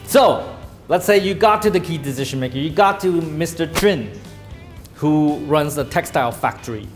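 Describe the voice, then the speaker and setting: A man's voice: a little high, expressive, moderate pace, soft background music. A man giving a sales training lecture to a live class, emphatic and acting out phone calls in a commanding tone.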